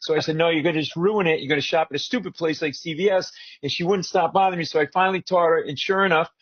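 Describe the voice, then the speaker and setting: A man, a comedian, chatting as a guest and telling a story with animated, joking delivery. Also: a little high, quick pace. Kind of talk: casual chat. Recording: muffled remote audio.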